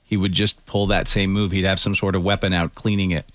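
A man's voice: deep voice, flat delivery, a little fast, dry recording. A man co-hosting a casual radio show, reading listener texts aloud and laughing often.

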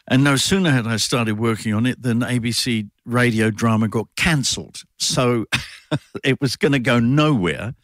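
A man's voice: mid-range voice, no room sound, studio quality. Thoughtful man rambling with fillers. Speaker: guest performer and adapter of a classic poem. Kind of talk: radio interview.

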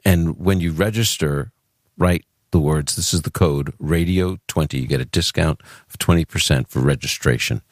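A radio host from Brooklyn with a New York accent and a remarkably deep voice talks earnestly, often restarting his sentences. The recording is close and dry, with no room echo. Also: moderate pace. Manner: chatty, self-interrupting, earnest. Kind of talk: Christian radio call-in show.

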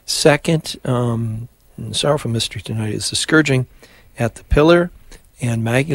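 A man hosts a live radio prayer program, leading the rosary in a steady, rhythmic cadence. His voice sits in an ordinary middle range. The studio sound is close and dry, with no room echo. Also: mid-range voice, normal speed. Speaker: radio host.

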